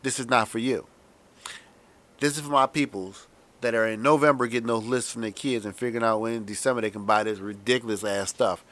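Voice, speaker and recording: A man hosting a podcast, delivering a sarcastic, profane comedic monologue that swings between loud emphasis and muttered asides. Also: mid-range voice, fairly even intonation, a little fast. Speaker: podcast host.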